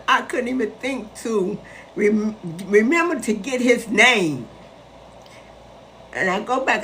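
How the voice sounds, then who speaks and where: A woman's voice: on the high side, slight background noise. A woman in her sixties from Chicago, telling a story to her live viewers in a chatty, emphatic way. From west side of Chicago. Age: 60s. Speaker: host addressing live viewers. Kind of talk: casual live-stream storytelling.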